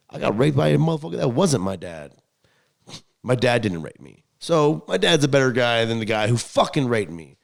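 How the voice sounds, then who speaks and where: Young male podcast co-host, low gravelly voice, blunt and profane, rambling, swings loud to quiet. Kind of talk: casual podcast chat.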